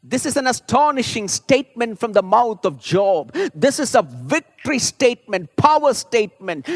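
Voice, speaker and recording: A man's voice: extremely high pitch, big pitch swings, moderate pace, hardly any pauses, dry recording. A man preaching a sermon as a pastor, earnest and rising to fervent emphasis. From India.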